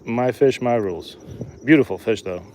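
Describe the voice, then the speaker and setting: A man's voice: mid-range voice, normal speed, a little mellow, a little hiss or hum. A man in his thirties chatting and joking casually to viewers while he live-streams a fishing trip outdoors. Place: outdoors by a lake.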